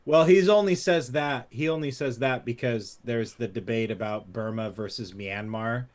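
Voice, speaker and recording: A man's voice: mid-range voice, normal speed. A man co-hosting a casual tech podcast, easygoing, filling his talk with "like" and "you know". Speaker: podcast co-host.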